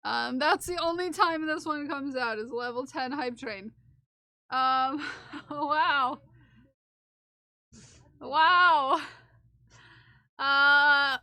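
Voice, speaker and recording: A woman livestreamer chatting casually with her viewers in a playful, giggly way, often repeating phrases in silly drawn-out voices. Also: sits high, bright, forceful tone, dry recording, studio quality. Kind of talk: casual live-stream chat with viewers.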